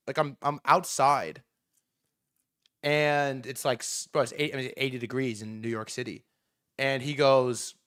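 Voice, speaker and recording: A man hosting a casual livestream from outdoors, excitable and profane, rambling with many restarts. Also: fairly high pitch. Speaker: livestream host. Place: outdoors in New York City.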